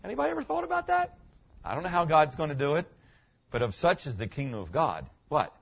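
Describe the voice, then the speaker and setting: A man's voice: fairly high pitch, sing-song, fast, vocal fry, husky, lo-fi sound. A middle-aged man, a pastor, preaching a sermon in a conversational way, asking the congregation questions as he goes.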